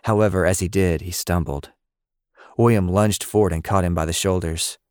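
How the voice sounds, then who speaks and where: A man reading a story aloud in scripted narration, with a steady, measured delivery. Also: low voice, clear, resonant tone, no room sound, studio quality.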